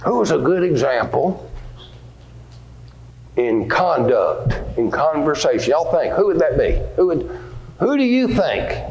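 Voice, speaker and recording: A man's voice: a little high, very animated, a little slow, pauses often, a little mellow. A man teaching a Bible lesson to children, asking them questions and acting out scripture scenes. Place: church hall. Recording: echoey room with faint ambience.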